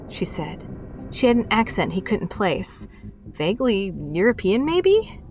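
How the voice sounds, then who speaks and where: A woman reading short fiction aloud in steady, measured narration. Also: on the low side. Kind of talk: storybook reading. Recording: dull lo-fi with faint music.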